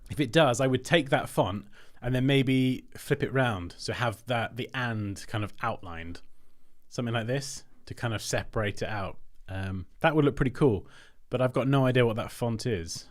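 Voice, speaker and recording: A man's voice: mid-range voice, normal speed. A man hosting a design-review livestream, chatting casually and thinking aloud as he works on screen.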